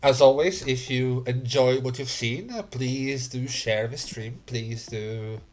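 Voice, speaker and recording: A man narrating a tabletop role-playing game as game master, unhurried and full of fillers. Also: mid-range voice, fairly even intonation, darkish tone.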